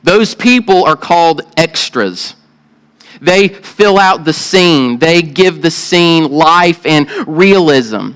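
Southern guy pastor, smooth clear voice, kinda high, preaching like he's just talking to you. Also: animated, slow, fairly bright tone, poor audio. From Southern United States. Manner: earnest, conversational preaching with rhetorical questions. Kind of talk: sermon with opening prayer.

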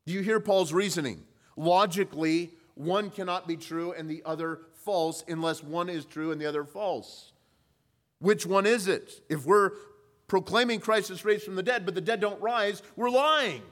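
A male pastor preaching a sermon, pushing his voice up for emphasis with rhetorical questions, then dropping low and quiet. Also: moderate pace. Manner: rises in pitch and volume for emphasis, then drops low.

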